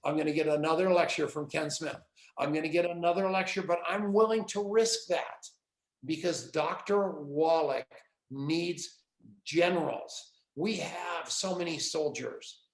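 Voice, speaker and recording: A man's voice: fairly high pitch, vocal fry, reverberant. A middle-aged man giving a fervent, rambling motivational pep talk over a video call and calling out names as he goes. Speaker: network marketing leader.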